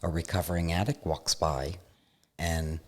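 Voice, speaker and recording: A man hosting a casual talk, relaxed as he tells a story. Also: sits low, measured pace. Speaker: podcast host. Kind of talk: casual conversation, joke telling.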